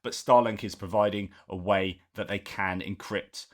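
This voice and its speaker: A man hosts a war news commentary, his voice sitting a little low. He reads articles aloud in an unhurried way, pausing for "uh" and breaking off into his own remarks before picking the text back up. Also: fairly even intonation. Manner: reads articles aloud with frequent asides and filler words.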